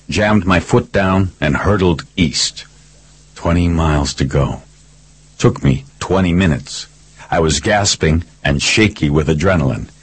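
A man with a very deep, husky voice narrates a first-person thriller in a steady, terse delivery. The sound is dry and close, with no room around it. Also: no echo, low-quality recording. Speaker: audiobook narrator.

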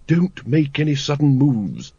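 Confident aristocratic lady dragon breeder, higher and brisk, as a male reader puts her on. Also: big pitch swings, dark tone, slightly rough, dry recording, muffled recording, full character voice. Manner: matter-of-fact, practical.

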